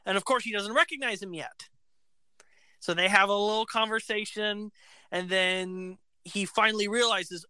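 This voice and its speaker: A woman casually retelling an opera plot, animated and acting out the characters' lines. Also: medium pitch, moderate pace, clean tone, dry recording.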